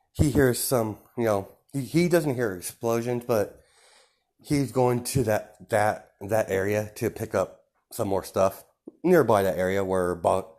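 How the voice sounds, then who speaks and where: A man with a fairly low voice retells a fan story off the cuff. He rambles, leans on fillers, and keeps correcting himself as he goes.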